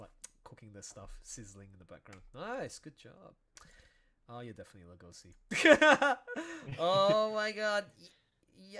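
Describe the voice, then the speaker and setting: A man who is a comic artist, chatting casually on a stream in a chatty, animated way. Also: on the high side. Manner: chatty, animated, prone to laughing and restarts. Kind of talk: casual chat.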